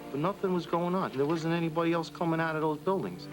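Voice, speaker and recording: A man, a firefighter, giving a plain, steady first-hand account in a documentary interview. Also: on the high side, fast, hardly any pauses, over music, poor audio. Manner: plain, steady retelling with quoted speech.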